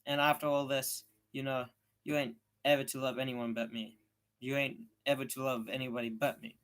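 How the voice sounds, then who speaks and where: A man's voice: medium pitch, flat delivery, brisk, fairly bright tone, natural voice. A man voicing an eager, coaxing young boy in a storybook reading.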